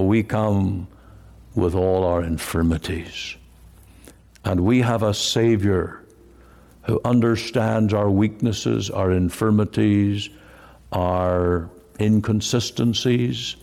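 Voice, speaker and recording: A man's voice: lowish voice, takes it slowly, vocal fry, warm tone. A man preaching a sermon in an earnest, emphatic way. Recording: long hall reverb.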